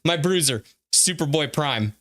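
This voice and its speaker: A man's voice: fairly high pitch, lively intonation, measured pace, fairly bright tone. A man co-hosting a casual chat, rambling with frequent stammers and easy laughter. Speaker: podcast co-host.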